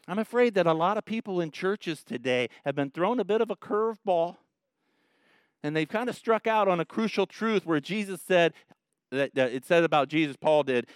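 A man preaches a sermon in a smooth, resonant voice. He pitches fairly high, and his delivery moves between quiet earnest passages and animated stories. The sound is dry and close. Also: moderate pace, dry recording. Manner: animated storytelling, acts out voices and shouts, laughs at own jokes. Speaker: pastor.

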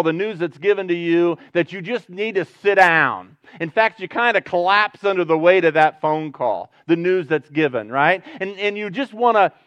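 A man preaching a sermon in an earnest way, dropping to a hush and then pressing hard on key words. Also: a little high, no echo, muffled recording. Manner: earnest preaching, swings from hushed to emphatic. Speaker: pastor.

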